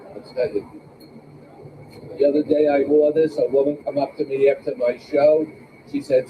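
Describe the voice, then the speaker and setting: An older man hosting an open mic, doing stand-up comedy with slow, deadpan, self-deprecating jokes in a small club. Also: medium pitch, recorded from a distance, muffled recording, noisy background. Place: small club with a live audience. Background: audience laughter.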